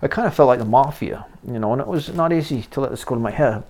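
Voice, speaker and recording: A middle-aged man hosting a podcast, telling candid personal stories in a rambling way that gets animated as he goes. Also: medium pitch, fast. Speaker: podcast host. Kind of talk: personal storytelling monologue.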